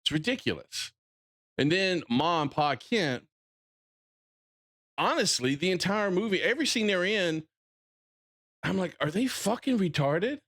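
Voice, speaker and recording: A man's voice: high voice, expressive, measured pace, long pauses, a bit bright. A man with a Southern drawl ranting bluntly on a casual livestream, swearing freely and often restarting his sentences. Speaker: streamer.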